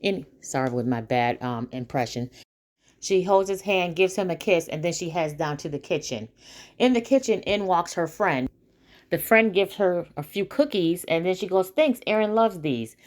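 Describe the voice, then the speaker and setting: A woman's voice: fairly low pitch, moderate pace. A woman casually recapping a TV episode, chatty, with many fillers and asides to her viewers.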